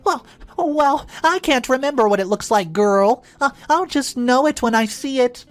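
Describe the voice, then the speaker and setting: A man's voice: medium pitch, very animated, slow pace, fairly bright tone, soft background music. A man voicing a scheming older mother-in-law who talks in an evasive, sneering way. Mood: flustered.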